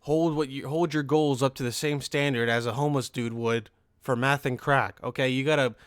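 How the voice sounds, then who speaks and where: Male podcast host, rambling and profane, smooth resonant tone, dry close sound. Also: mid-range voice, a bit bright, no room sound. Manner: profane, rambling, full of fillers and restarts. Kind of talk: casual rambling monologue.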